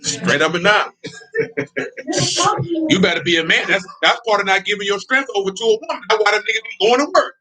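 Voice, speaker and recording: A man's voice: high voice, brisk, pauses often, over music. A male preacher giving a fiery sermon in blunt, confrontational street talk, prodding listeners with repeated questions and laughing between points. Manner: blunt, confrontational, repeats "you know what I'm talking about".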